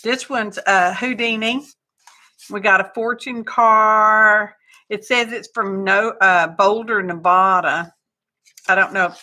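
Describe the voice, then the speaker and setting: Folksy woman, craft livestream host, bright and chatty. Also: medium pitch, fairly even intonation, slow pace. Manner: chatty and folksy, greets viewers by name, says y'all. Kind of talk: casual live craft chat.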